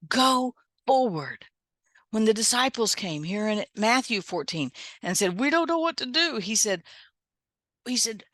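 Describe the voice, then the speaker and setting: A woman's voice: medium pitch, fairly bright tone, no echo, studio quality. A middle-aged woman minister giving a conversational devotional from her apartment and often asking "right?" as she goes. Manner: conversational, keeps adding "right?". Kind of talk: devotional teaching. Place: home, apartment.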